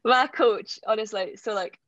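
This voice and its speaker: A young Scottish woman from the Borders, telling an animated story as an interview guest, laughing often and acting out what people said. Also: mid-range voice, unhurried, dull audio, a little hiss or hum. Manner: excitable, laughs often, acts out quotes. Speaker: athlete guest.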